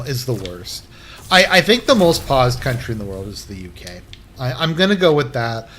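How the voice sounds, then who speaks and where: A man's voice: medium pitch, fairly bright tone, a little hiss or hum. A man livestreaming a game and chatting casually with viewers, rambling with lots of fillers and blunt, crude remarks. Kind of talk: casual chat while gaming.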